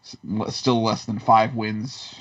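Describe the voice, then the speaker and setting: Male co-host, low voice, halting repeats, dull lo-fi sound. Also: flat delivery, a bit bright. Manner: hesitant, repeats words while thinking aloud. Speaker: sports betting co-host. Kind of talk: casual studio picks talk.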